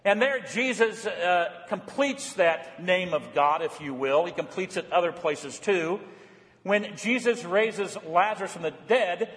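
A pastor preaching a sermon with emphasis, posing questions to the congregation and answering them himself. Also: male voice, high voice, a little slow, a bit bright, big-room sound.

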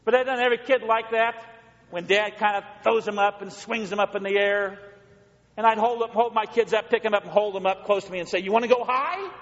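A man's voice: high-pitched, steady tone, fairly quick, fairly bright tone. A male pastor preaching a sermon in a church, folksy and repetitive, building up to rhythmic lists. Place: church sanctuary. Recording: long hall reverb, dull lo-fi sound.

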